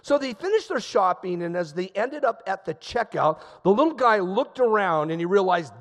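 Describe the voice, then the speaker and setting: A man's voice: sits high, very animated, normal speed, long reverb tail. A male pastor preaching a sermon in a church sanctuary, telling a story in a conversational way and stressing points by repeating them. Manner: conversational storytelling, emphatic repetition.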